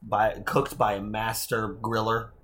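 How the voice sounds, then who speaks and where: A man's voice: fairly low pitch, level tone, measured pace, fairly bright tone, a little hiss or hum. A man speaking as a podcast guest in casual, playful chat, rambling and self-mocking.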